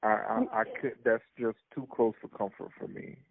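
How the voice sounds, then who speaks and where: A man on a talk show panel giving measured, thoughtful opinions. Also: on the low side, steady tone, gravelly. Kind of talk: casual talk show chat. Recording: tinny phone-like line.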